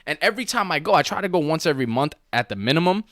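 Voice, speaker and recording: A man co-hosting a casual podcast, telling stories with a lively, swooping delivery. His voice is bright and forward, and the mic is close and dry. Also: a little high, racing, no echo. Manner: animated storyteller, bursts into loud laughter. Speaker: podcast co-host. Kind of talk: casual chat.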